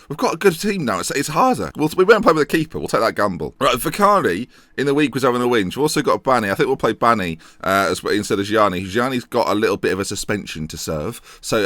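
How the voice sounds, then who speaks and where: A young man giving excitable, jokey let's-play commentary on a football management game, thinking aloud as he goes. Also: medium pitch, no room sound. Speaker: gaming YouTuber.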